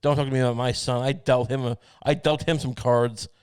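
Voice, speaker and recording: A man's voice: medium pitch, steady tone, brisk, a little mellow, smooth, dry recording, close to an everyday voice. A man voicing a blunt, insulting old male politician, in a crude, bragging manner over a dry, close sound. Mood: boastful. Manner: crude, brags and trades insults.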